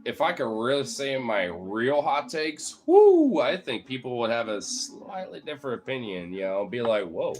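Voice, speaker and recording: A man's voice: mid-range voice, animated, normal speed, few pauses. A man giving a heated, profane, rambling political rant in casual chat, talking straight to his viewers as a streamer.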